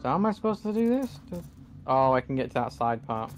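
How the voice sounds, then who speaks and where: A man's voice: mid-range voice, sing-song, quick pace, soft background music. A young man giving let's play commentary, frustrated and swearing at the game as he plays. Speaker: gaming channel host.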